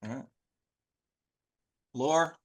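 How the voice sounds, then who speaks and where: A man's voice: a little high, extremely slow, fairly bright tone, husky. A man as game master narrating a tabletop game in a loose, chatty way, full of fillers and playful exclamations.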